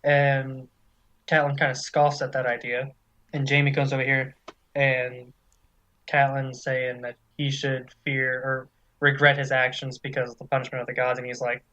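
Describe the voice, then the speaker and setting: A man's voice: medium pitch, completely flat delivery, normal speed, pushed and bright, lo-fi sound. Casual man co-hosting a book podcast. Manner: casual, profane, reads quoted passages aloud. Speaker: podcast co-host.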